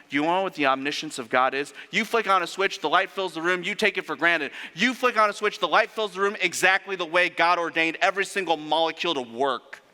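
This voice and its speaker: Animated preacher in a reverberant hall. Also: male voice, a little high, clear, resonant tone. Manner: animated, rhetorical questions, sarcastic asides. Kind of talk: sermon. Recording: long reverb of a large hall.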